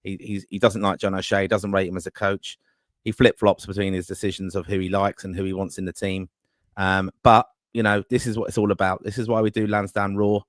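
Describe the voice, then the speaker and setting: A man's voice: sits low, little pitch movement, brisk, no room sound, clean studio sound. A man hosting a live fan podcast over a video call, upbeat and optimistic, mixing chat with plugs for the show. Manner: upbeat, self-styled optimist, promotional patter. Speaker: podcast host.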